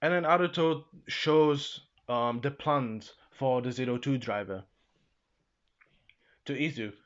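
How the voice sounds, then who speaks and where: A young man casually recapping an episode in a rambling way, full of fillers and laughs. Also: medium pitch. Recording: slightly dull lo-fi sound.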